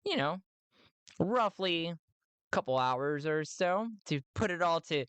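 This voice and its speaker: A man's voice: fairly high pitch, animated, measured pace, a bit bright, clear, resonant tone, dry recording. Playful rambling male game narrator. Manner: rambling, playful, many fillers. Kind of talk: narrating a solo tabletop game.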